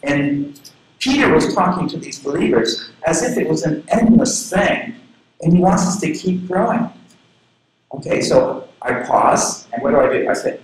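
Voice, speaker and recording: Male pastor, earnest storyteller, pitch leaps around a lot; heavy echo of a big room, faint noise underneath. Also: moderate pace. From southern Florida. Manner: earnest, personal storytelling with lively pitch swings. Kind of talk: sermon.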